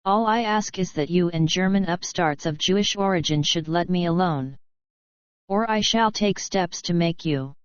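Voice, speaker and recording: A woman's voice: lowish voice, moderate pace, smooth, dry recording, dull audio, lightly acted. Laevsky, a woman reading an overwrought young man. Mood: hostile. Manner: overwrought, pleading outbursts. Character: agitated hysterical young male drunkard.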